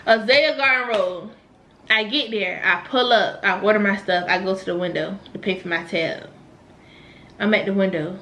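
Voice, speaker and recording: A young woman from Virginia vlogging a casual story, animated, swearing and laughing as she talks. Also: mid-range voice, moderate pace, slight background noise. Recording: echoey room.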